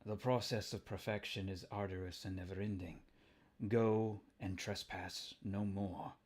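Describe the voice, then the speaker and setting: A man's voice: sits low, fairly even intonation, measured pace, a little mellow. Man doing a pompous villain scientist. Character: grandiose male villain scientist.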